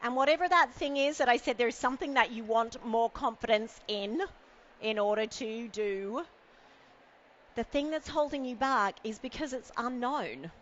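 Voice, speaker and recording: On an event stage with a podium, a woman delivers a conference keynote in a playful, self-mocking way, teasing her audience. Her voice is a little high and a bit bright at normal speed, and the sound is lo-fi.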